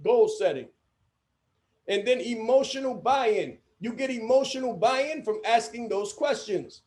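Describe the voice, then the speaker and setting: A man's voice: very high voice, expressive, unhurried, a little mellow. A man giving a training lecture to coaches, emphatic and given to repeating his key phrases.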